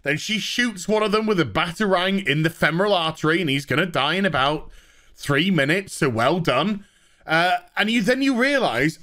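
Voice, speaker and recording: Animated man ranting. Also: sits high, normal speed. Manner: sarcastic, profane, animated. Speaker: host. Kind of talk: ranting TV review.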